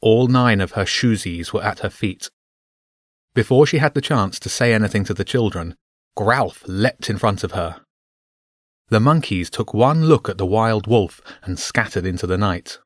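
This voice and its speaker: A man narrating an audiobook in even, measured storytelling. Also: fairly low pitch, no room sound, clean studio sound.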